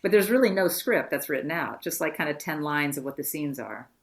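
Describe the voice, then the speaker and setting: Low-voiced woman telling animated stories. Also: brisk. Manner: lively storyteller who acts out quoted voices. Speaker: actress guest. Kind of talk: anecdotal podcast storytelling.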